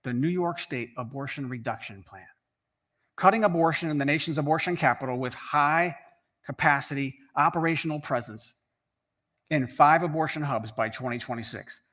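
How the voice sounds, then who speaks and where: A man's voice: fairly high pitch, normal speed, a bit bright. A man giving a scripted rally speech, earnest and emphatic, building up repeated phrases. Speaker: rally speaker.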